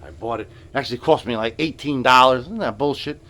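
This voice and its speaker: With a medium-pitched voice that's bright and forceful, this middle-aged man speaks quickly over slight background noise, including a furnace in his home workshop. A guitar repair vlogger, he rambles casually, stammering and muttering through filler words and sinking into near whispers.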